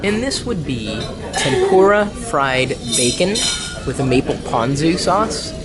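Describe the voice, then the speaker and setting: A man's voice: a little high, sing-song, takes it slowly. A man hosting a casual vlog, joking with his partner and describing the food at a restaurant. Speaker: vlog host. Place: restaurant and parking garage.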